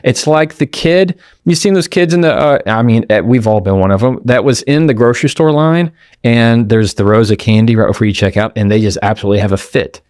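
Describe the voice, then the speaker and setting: A man's voice: mid-range voice, darkish tone, no room sound, clean studio sound. A man hosting his own podcast, giving an emphatic motivational talk straight to the listener with rhetorical questions. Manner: acts out quoted people in quick asides. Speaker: podcast host.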